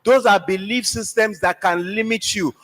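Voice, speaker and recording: High-voiced man giving a rousing talk. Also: fairly bright tone, in a large hall, low-quality recording. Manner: rousing, drawn-out words, questions to the audience. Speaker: guest speaker at a youth program. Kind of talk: motivational speech.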